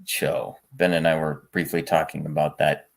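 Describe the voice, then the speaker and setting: A man appearing as a guest on a casual livestream, speaking in a dry, halting way with pauses. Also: a bass voice, level tone, vocal fry. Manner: dry, unhurried, halting with fillers.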